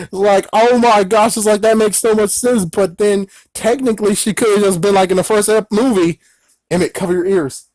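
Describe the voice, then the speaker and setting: An excitable man talks through a film review in a loose, rambling way, with exclamations popping up as he goes. His voice sits a little higher than most men's. The sound is dry and close, with no room around it. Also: moderate pace, no echo. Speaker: movie reviewer. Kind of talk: casual movie recap.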